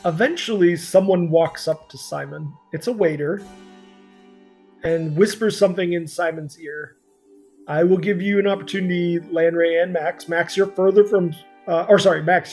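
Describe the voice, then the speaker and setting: Gravelly game master narrating. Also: male voice, fairly high pitch, normal speed, a little mellow, faint music behind. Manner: loose, filler-heavy narration.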